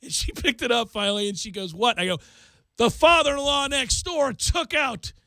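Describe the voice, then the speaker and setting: A male talk-radio host, telling a long self-mocking story in an animated way. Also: extremely high pitch, moderate pace, no room sound. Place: radio studio.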